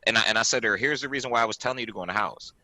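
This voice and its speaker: A man in his forties, a podcast host, telling a story on a video call in an animated, emphatic way, often repeating himself and acting out what people said. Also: mid-range voice, very fast, no echo, poor audio. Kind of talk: casual storytelling chat.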